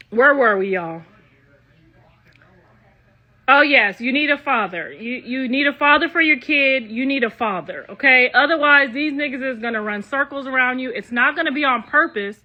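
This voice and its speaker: A woman's voice: a little high, lo-fi sound. An older woman ranting to her viewers in a brash, profane, casual way. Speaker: online commentator.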